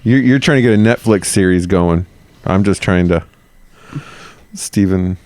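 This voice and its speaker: A man's voice: low-pitched, a little slow, darkish tone. A man co-hosting a history podcast, chatting in a playful, mock-serious comic way. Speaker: podcast co-host. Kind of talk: casual comedic chat.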